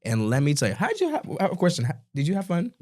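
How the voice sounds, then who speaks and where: A man around thirty, hosting a casual podcast in an animated, playful way. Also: a little high, very fast. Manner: animated, hype-building, playful. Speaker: podcast host.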